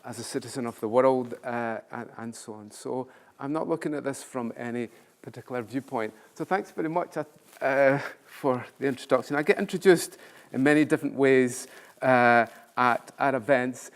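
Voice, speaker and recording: A man's voice: medium pitch, moderate pace. An older man, a professor giving a conference talk with self-deprecating humorous storytelling. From Scotland. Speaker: keynote speaker, professor.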